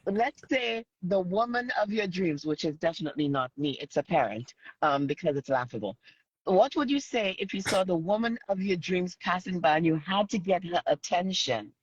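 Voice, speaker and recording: A woman co-host from Saint Lucia talks in a playful, teasing manner. Her voice is husky and breathy. The audio is dry and dull, with a lo-fi, remote-call sound. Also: lowish voice, lively intonation, moderate pace, no echo. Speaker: podcast co-host. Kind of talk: casual conversation.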